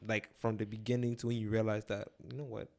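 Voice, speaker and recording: A man's voice: on the low side, level tone, fast. A man hosting a casual interview, talking emphatically and repeating his points. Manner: emphatic, says "bro" a lot, repeats himself. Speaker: host.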